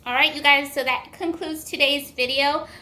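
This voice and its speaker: A young woman with a high voice and fairly even intonation speaks at a moderate pace. Cooking in her kitchen for a home cooking vlog, she talks warmly and casually to her viewers with many fillers.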